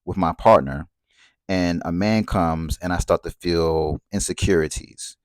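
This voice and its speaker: Man, lowish voice, dry close sound, reflective talk peppered with "right?". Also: fairly even intonation, a little slow, no room sound. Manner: conversational, asks rhetorical questions and checks in with "right?"; repeats phrases for emphasis. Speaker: speaker on relationships and spirituality. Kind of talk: reflective spoken monologue.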